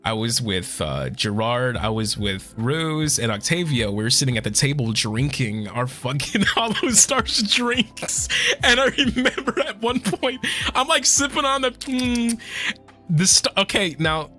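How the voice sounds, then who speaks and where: A man's voice: a little high, big pitch swings, measured pace, bright, forceful tone, faint music behind. Tearful, swearing young man streamer. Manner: emotional, swears a lot, thanks fans. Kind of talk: casual chat with viewers.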